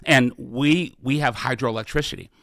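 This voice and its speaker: A man's voice: mid-range voice, moderate pace, creaky, fairly bright tone, no room sound, studio quality. A middle-aged man hosting a live question-and-answer podcast, speaking earnestly and often restarting his sentences. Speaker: podcast host and political candidate. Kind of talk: live Q&A, casual campaign talk.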